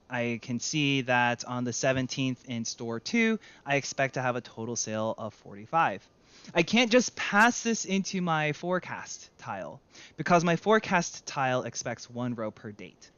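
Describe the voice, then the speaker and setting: Male instructor, conversational screen-share teacher, smooth voice, dry slightly muffled close mic. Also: mid-range voice, measured pace, no echo. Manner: conversational, self-correcting, lively. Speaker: data instructor.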